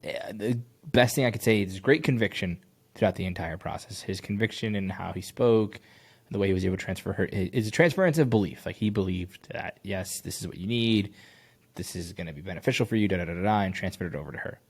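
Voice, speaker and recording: A man critiquing a sales call, blunt and animated, swearing casually. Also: sits low, quick pace, slightly rough. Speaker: sales coach reviewing a call.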